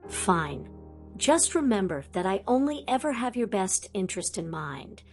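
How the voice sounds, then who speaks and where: A woman voicing an old male wizard headmaster who speaks with gentle, mock-innocent reassurance. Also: mid-range voice, very animated, unhurried, faint music behind.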